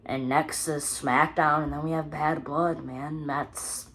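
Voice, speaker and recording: A woman reviewing a wrestling show in a casual video, with a rambling, excitable recap full of "you know" and "like". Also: sits low, slow, a little hiss or hum.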